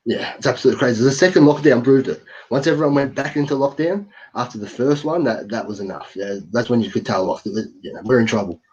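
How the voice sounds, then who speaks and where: A man in a casual political chat, agreeing quickly, in a dull lo-fi recording. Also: medium pitch, a little mellow, breathy edge.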